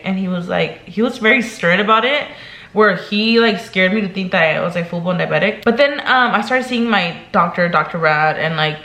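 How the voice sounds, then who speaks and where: A woman's voice: lowish voice, moderate pace, pushed and bright. Young woman vlogger just chatting, lots of "like" and "girl", kinda emotional, roomy echo. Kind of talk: casual chat to camera.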